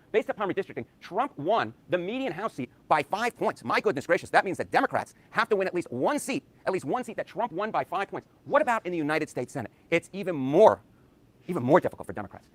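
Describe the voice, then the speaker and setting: A man delivering election analysis on television at a rapid clip, his voice high and swooping widely. He exclaims over the figures and drops in playful asides. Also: sing-song. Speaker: election data analyst on a news broadcast. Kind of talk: animated broadcast analysis.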